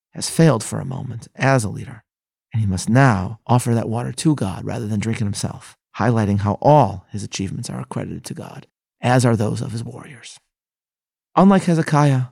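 Earnest man with a gravelly edge. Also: medium pitch, darkish tone, dry recording, studio quality. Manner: earnest, reads scripture aloud with solemn emphasis. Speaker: rabbi teaching a daily Bible lesson. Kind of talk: scripted lesson narration.

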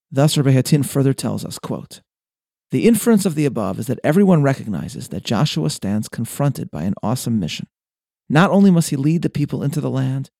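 A man reads a prepared talk in a measured, deliberate way. His voice is mellow and low-toned, with a steady gravelly fry. The sound is dry and close, with no room around it. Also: no room sound. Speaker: speaker on Jewish history. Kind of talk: scripted talk read aloud.

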